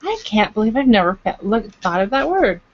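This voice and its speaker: A woman's voice: mid-range voice, big pitch swings, brisk, dull audio. A woman from Canada chatting casually to camera in a video blog, rambling with fillers and playful asides. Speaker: vlogger. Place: at home in Los Angeles.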